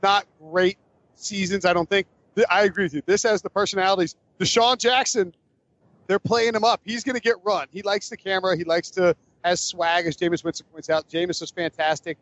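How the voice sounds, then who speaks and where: A man with a notably high voice chatting loosely on a sports podcast. He rambles, jokes and restarts his sentences often. The sound is dry and a little muffled. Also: fairly even intonation, brisk, fairly bright tone, no room sound. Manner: rambling, self-correcting, jokey. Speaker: podcast host. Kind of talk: casual sports podcast chat.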